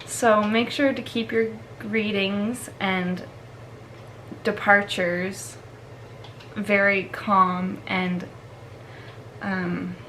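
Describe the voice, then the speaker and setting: Brief: casual woman vlogger, mid pitch, chatty, faint background hiss. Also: little pitch movement, drawn-out words, fairly bright tone, rough recording. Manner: chatty, laughs often, filler-heavy. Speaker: dog trainer. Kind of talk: casual instructional vlog.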